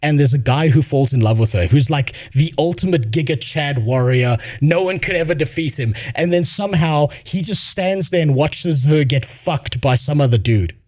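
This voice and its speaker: A man's voice: a little high, normal speed, few pauses, a little mellow, dry recording, studio quality. A young man streaming, ranting bluntly and swearing a lot, laughing as he tells stories. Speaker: streamer reacting to a video. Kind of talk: casual profane rant.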